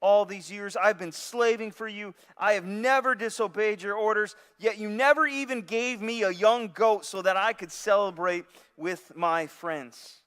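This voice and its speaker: A man's voice: high voice, unhurried, hardly any pauses, fairly bright tone, clear, resonant tone, voice pushed up. A man in a sermon voicing a resentful older son complaining to his father, with long reverb around him. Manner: bitter complaining.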